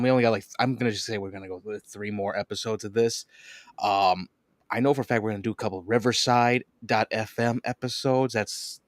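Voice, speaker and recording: A man hosting a podcast in casual chat, an animated storyteller who swears and laughs often. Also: fairly low pitch, dry recording, studio quality. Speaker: podcast host.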